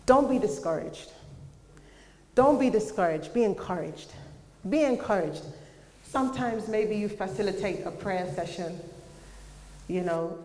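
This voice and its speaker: A young adult woman preaching a sermon in earnest, conversational tones, sometimes pausing on fillers. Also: mid-range voice, darkish tone. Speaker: church speaker. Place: church hall. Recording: echoey church hall.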